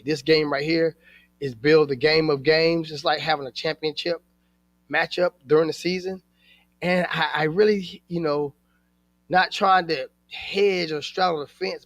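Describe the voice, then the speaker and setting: A man with a fairly high-pitched voice talks casually to camera, rambling from one thought to the next and calling his viewers "guys." He sounds like a relaxed vlogger speaking off the cuff. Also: muffled recording. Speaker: channel host.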